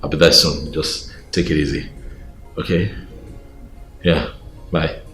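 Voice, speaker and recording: An actor playing a smitten young prince, pleading and persuasive, with a Nigerian accent. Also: male voice, rumbling low, fairly even intonation, slow. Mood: urgent. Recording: roomy echo, faint background music.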